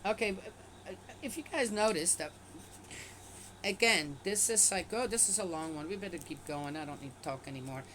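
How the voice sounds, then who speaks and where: A woman's voice: on the low side, moderate pace, a bit bright, slight background noise, low-quality recording. Skeptical woman reading scripture aloud. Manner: reads aloud and breaks off to comment skeptically. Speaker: bible reader and commentator. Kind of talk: casual scripture reading with commentary.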